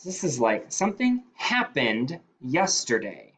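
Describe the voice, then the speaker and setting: A male teacher leading a phonics dictation lesson, sounding out words slowly and deliberately. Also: medium pitch, wildly swooping pitch, a bit bright, rough recording.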